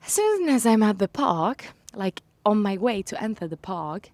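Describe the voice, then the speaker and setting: A young woman telling a story in a casual vlog, animated, acting out her own quotes. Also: mid-range voice, moderate pace, few pauses, no echo. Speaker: vlogger. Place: home in London.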